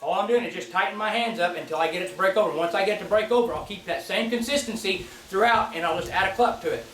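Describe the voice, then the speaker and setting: A man giving a casual spoken demonstration of goose calling, in a relaxed, folksy way that repeats and restarts his phrases. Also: sits high, fast talker, very noisy. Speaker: goose call instructor. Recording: distant mic in an echoey space, faint clicking.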